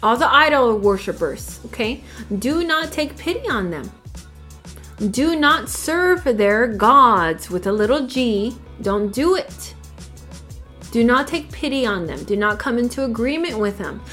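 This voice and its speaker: A woman from El Paso, Texas, gives a scripture lesson in a fairly high voice. She is emphatic and preachy and keeps asking rhetorical questions. Soft music plays faintly behind her. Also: very animated, measured pace. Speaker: Torah teacher.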